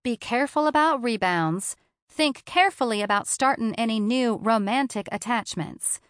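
A woman's voice: fairly high pitch, moderate pace, dry recording, clean studio sound, voice pushed up, lightly acted. Woman reading an upbeat, encouraging best friend. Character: supportive upbeat female best friend, teacher. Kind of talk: audiobook character voice.

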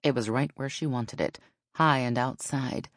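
Low-voiced woman reading a novel. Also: normal speed, no room sound, studio quality. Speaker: audiobook narrator. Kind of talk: scripted narration.

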